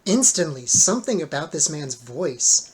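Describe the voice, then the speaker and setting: Relaxed game master narrating. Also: mid-range voice, moderate pace, heavy background noise. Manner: relaxed, filler-heavy narration.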